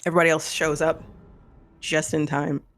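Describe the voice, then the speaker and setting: A man's voice: on the high side, flat delivery, moderate pace, a bit bright. A man with a Missouri accent, narrating a tabletop horror game as game master in a casual, rambling way. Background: faint music.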